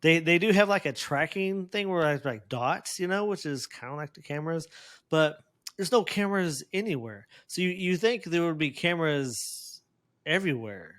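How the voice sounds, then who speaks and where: A man's voice: a little high, expressive, normal speed, fairly bright tone. A man co-hosting a casual episode review, rambling with restarts and laughing often. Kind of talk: casual chat.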